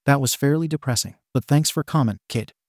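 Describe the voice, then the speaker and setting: A man's voice: mid-range voice, a little fast, darkish tone, no room sound, lightly acted. Guy reading as an impatient sarcastic villain dude, eye-rolling tone, dry recording. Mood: scornful. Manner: sarcastic, dismissive. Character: scornful young male villain, impatient.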